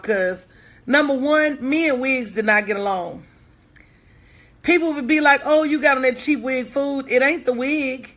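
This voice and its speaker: A woman's voice: high voice, a bit bright. A woman business coach talking casually to her online audience, folksy and candid, calling out viewers by name.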